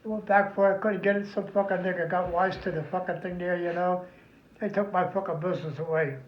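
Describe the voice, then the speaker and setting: A man's voice: high-pitched, steady tone, brisk, a little hiss or hum. Older man, rambling profane storyteller, echoey room, muffled sound. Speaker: veteran interviewee. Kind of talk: oral history storytelling.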